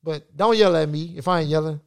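A man with a noticeably high speaking voice co-hosts a relaxed podcast conversation. He tells his stories with plenty of energy, swears freely and breaks into laughter as he goes. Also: brisk, clear, resonant tone. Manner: animated storytelling, profane, laughs often. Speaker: podcast co-host. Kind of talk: casual chat.

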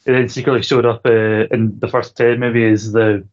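Flat-voiced man chatting on a podcast. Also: mid-range voice, moderate pace, lo-fi sound. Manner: rambling, laughs often, swears casually. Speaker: podcast co-host. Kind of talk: casual chat about a TV show.

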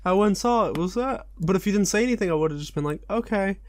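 A man's voice: high voice, animated, fast, darkish tone. A man in his twenties chatting casually on a podcast, rambling, joking and laughing often. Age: 20s. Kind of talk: casual chat.

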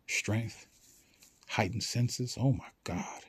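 A man talking casually and with excitement, swearing now and then and acting out short back-and-forth exchanges as he urges listeners to imagine things. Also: medium pitch, slightly rough. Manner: animated, swears casually, acts out quick dialogues. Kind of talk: casual motivational monologue.

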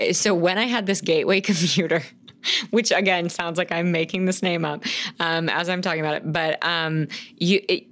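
A woman with a strikingly low, deep-set voice chats casually as a podcast co-host. She is in her thirties, rambles from thought to thought, and gushes with plenty of casual swearing. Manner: gushing, rambling, swears freely. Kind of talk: casual chat.

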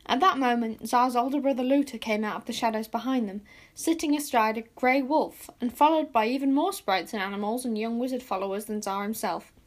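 A woman reads a children's fantasy storybook aloud with lively, expressive delivery. Her voice sits a little high. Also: fairly quick. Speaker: narrator. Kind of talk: storybook reading.

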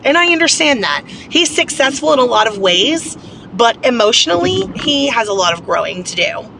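A woman's voice: fairly high pitch, very animated, normal speed, creaky, background noise. A woman telling a personal story in a casual, candid vlog, rambling and venting with lots of fillers. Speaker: vlogger.

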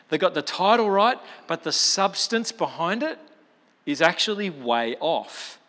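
A man's voice: fairly high pitch, pushed and bright. A man preaching a sermon in a chatty, storytelling way, with colloquial asides. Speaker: pastor. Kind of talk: expository sermon. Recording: long reverb of a large hall.

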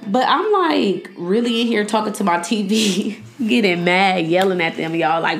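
A young woman hosting a podcast in a casual, joking chat style, loud and animated. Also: mid-range voice, unhurried, hardly any pauses. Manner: loud, joking and animated, talks back to the screen. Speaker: podcast host. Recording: echoey room.

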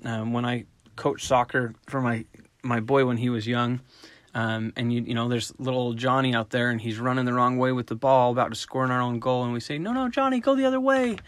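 A middle-aged man talks through dog training in an easygoing, conversational way, now and then slipping into quick voiced examples. His pitch sits in an ordinary middle range, and the sound is dry and close with no room echo. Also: little pitch movement. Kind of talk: casual instructional talk.

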